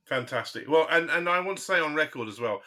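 A playful man co-hosts a casual chat, teasing and laughing along. His voice is bright and swings lively up and down. He sounds quick to find the fun in things. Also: on the high side. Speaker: podcast co-host.

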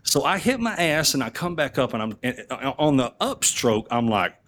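Animated male podcast guest with a lively voice. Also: normal speed, a little hiss or hum. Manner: animated, laughs often, swings his voice up high for quoted lines. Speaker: military veteran guest telling stories. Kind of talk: casual podcast storytelling.

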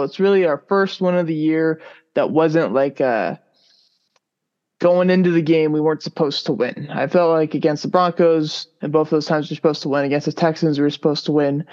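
A man co-hosting a sports podcast, talking in a relaxed, rambling way with lots of fillers. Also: on the high side. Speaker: podcast co-host. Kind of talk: casual sports podcast chat. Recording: dull lo-fi sound.

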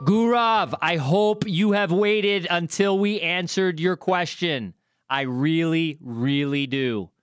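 A man co-hosts a podcast with playful, exuberant energy, his fairly high voice jumping into loud showman bursts. The sound is close and dry, with faint music underneath. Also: takes it slowly, clean tone, dry recording. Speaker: podcast co-host. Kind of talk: casual podcast banter.

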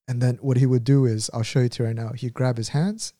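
A man's voice: medium pitch, steady tone, a little fast, mellow, no room sound, clean studio sound. A young man telling stories in casual chat, rambling and laughing, with lots of "like".

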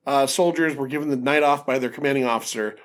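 A man's voice: medium pitch, fast. A man hosting a casual film podcast, recapping scenes with lots of fillers and restarts. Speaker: podcast host.

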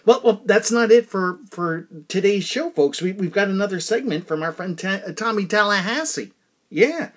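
A man with a fairly high, slightly husky voice hosts his podcast in easy, rambling chat. He hesitates often with fillers but sounds keen about what he talks about. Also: lively intonation, moderate pace. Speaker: podcast host.

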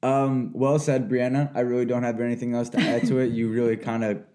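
Mellow-voiced man giving short replies. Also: medium pitch, flat delivery, brisk. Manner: brief, agreeing replies. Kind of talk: casual chat.

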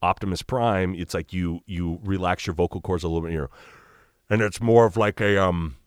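A man's voice: low voice, fairly quick, no room sound, clean studio sound. A man chatting as a podcast guest over a video call, rambling with many fillers and a joking tone. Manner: rambling, lots of fillers, jokey. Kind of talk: casual chat.

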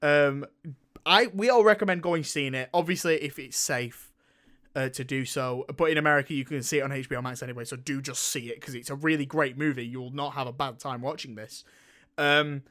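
A British man hosting a film podcast, chatting casually and excitably, laughing and swearing often. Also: medium pitch, fairly quick. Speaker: podcast host. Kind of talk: casual film review chat.

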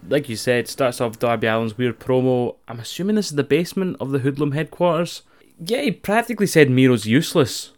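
A man with a Scottish accent recapping a wrestling show in casual, profane, animated chat as a podcast co-host. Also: medium pitch, brisk, hardly any pauses.

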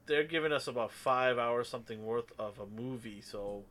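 A man hosts a relaxed podcast chat, pushing the talk along with a playful, teasing streak. His voice is bright and forceful, with an ordinary middle pitch. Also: moderate pace. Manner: playful, teasing, mock-sarcastic. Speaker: podcast host. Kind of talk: casual show discussion.

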